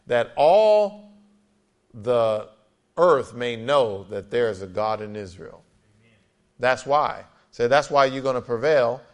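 A man pastor preaching an emphatic sermon with frequent amens and scripture readings. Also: medium pitch.

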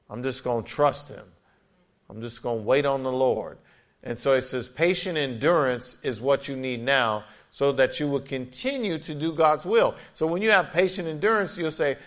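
A man's voice: mid-range voice, a bit bright. A man pastor preaching an emphatic sermon with frequent amens and scripture readings.

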